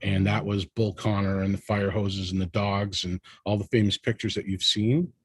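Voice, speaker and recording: A man's voice: on the low side, level tone, moderate pace, slightly rough, dry recording. A man speaking as a panel guest in an impassioned discussion, emphatic and rallying, often tagging his points with "right?".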